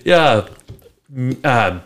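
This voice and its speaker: A man's voice: mid-range voice, big pitch swings, extremely slow, a bit bright. A man hosting a casual podcast, joking and laughing with his guests. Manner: jokey, laughing, sings his own intro. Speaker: podcast host.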